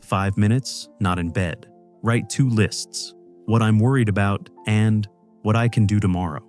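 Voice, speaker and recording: Male narrator, lower register, calm reassuring read over faint background music. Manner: calm, measured, reassuring delivery. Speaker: channel narrator. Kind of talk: scripted psychology narration.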